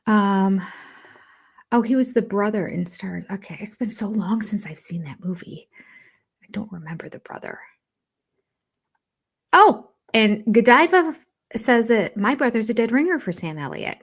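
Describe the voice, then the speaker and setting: An older woman hosting a casual live stream from home. She chats and thinks aloud as she reads viewer comments, and often drops into soft half-whispered asides. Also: medium pitch, lively intonation, measured pace, gravelly, long pauses, husky. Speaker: reality TV livestream host.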